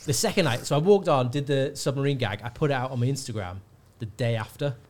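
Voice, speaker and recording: A male comedian, telling a lively story in casual chat and acting out the people in it. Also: medium pitch, fast. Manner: animated storyteller, shouts out quoted hecklers. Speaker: guest comedian.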